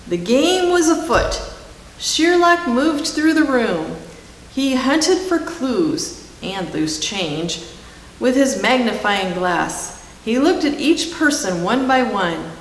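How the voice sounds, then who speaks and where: Slow-reading woman in an echoey hall. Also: a little high, big pitch swings. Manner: slow, gentle storybook reading. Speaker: children's story reader. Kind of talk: reading a picture book aloud to children. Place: church room. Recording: echoey hall with faint hiss.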